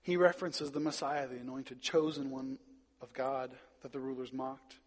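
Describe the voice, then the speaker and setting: A man preaching a sermon, stressing words loudly and then dropping quiet. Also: medium pitch, flat delivery, moderate pace, in a large hall. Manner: emphatic, swings between loud stresses and quiet drops. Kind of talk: sermon with Bible reading.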